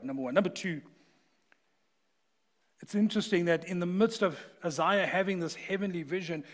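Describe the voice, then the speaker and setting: Middle-aged guy giving a sermon, storytelling, laughs along, kinda high voice. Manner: conversational, animated storytelling with laughs. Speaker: guest preacher. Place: church sanctuary.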